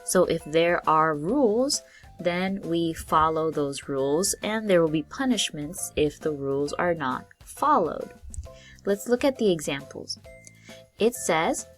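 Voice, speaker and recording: A woman teaching English vocabulary to learners, explaining each word patiently in simple terms. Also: on the low side. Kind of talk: slow, clear classroom explanation.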